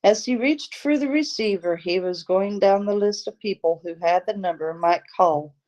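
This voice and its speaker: A woman reading a novel aloud, telling the story in a steady, deliberate way. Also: medium pitch. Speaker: audiobook reader, channel host.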